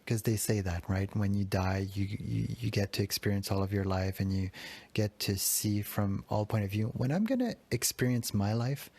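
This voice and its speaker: A man's voice: lowish voice, lively intonation, normal speed, gravelly, warm tone, breathy edge. A man in his thirties hosting a solo confessional podcast, talking in a raw, self-critical way and swearing often. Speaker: podcast host.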